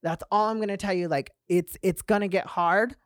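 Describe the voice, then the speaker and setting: A woman's voice: mid-range voice, fairly even intonation, moderate pace, no room sound, studio quality. A woman guest on a podcast, chatty and earnest, talking through many fillers. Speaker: guest business owner. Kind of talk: casual podcast chat. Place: podcast studio.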